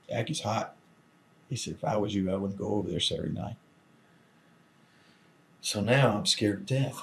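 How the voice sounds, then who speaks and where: Older man telling wrestling stories. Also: lowish voice. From Southern United States. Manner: animated storyteller acting out quoted voices. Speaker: interview guest. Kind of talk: storytelling shoot interview.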